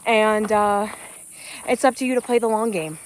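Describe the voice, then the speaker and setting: A woman's voice: mid-range voice, normal speed. Woman coach, earnest and loose, vlogging mid-hike, slightly winded, phone mic with faint outdoor noise. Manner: earnest, uplifting, loose and rambling with fillers. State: slightly out of breath from hiking. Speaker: spiritual business coach. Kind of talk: unscripted motivational vlog on a walk. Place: outdoors on a hiking trail in nature. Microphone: phone without an external mic. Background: crickets and insects.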